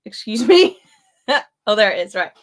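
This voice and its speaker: A young woman who grew up in Spain hosts a football live stream at home. She talks in a chatty, giggly way at an ordinary, middling pitch and reads viewers' comments aloud. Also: sing-song, moderate pace. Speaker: football channel host. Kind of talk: casual live-stream chat.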